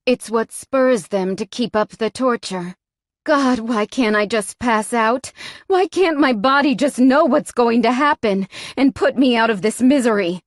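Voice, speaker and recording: A woman's voice: a little high, unhurried, no echo. A woman narrating a first-person audiobook in a tense, frightened tone, recorded close on a studio mic.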